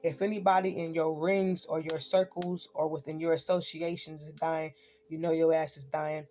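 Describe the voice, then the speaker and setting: A woman's voice: low-pitched, level tone, normal speed, dark tone, faint music behind. A woman ranting in a casual spoken monologue, swearing freely and tossing in "right?" again and again. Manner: profane, ranting, keeps asking "right?". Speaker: online spiritual speaker.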